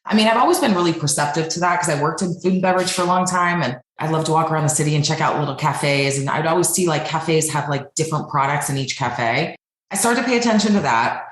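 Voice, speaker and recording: Low-voiced middle-aged woman, animated podcast guest, echoey room sound. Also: fast talker. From Denver, United States. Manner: animated, acts out quoted voices. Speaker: podcast guest, beverage company founder. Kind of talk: casual interview storytelling.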